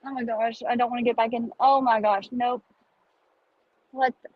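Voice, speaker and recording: Southern lady rambling in her car, kinda husky, voice on the high side. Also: fairly even intonation, moderate pace, no room sound, highs cut off. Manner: chatty, rambling, country phrasing. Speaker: vlogger. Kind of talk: casual chat.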